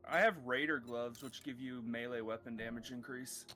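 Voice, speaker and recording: A man's voice: mid-range voice, fairly even intonation, moderate pace, sharp tone. A man co-playing a game on a stream, talking casually with a few stammers and swears. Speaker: co-player on a stream. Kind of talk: casual gaming chat.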